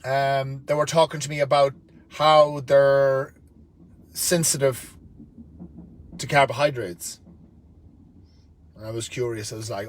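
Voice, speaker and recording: A man's voice: medium pitch, fairly even intonation, takes it slowly, pauses often. A man, ranting bluntly and profanely to camera from inside a van. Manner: blunt, sweary and rambling. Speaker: vlogger.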